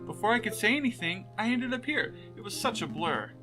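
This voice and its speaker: A man's voice: sits high, very animated, brisk, pitched above the performer's own voice, low-quality recording. Man doing a chirpy young noble cat girl. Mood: chatty. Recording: game music underneath.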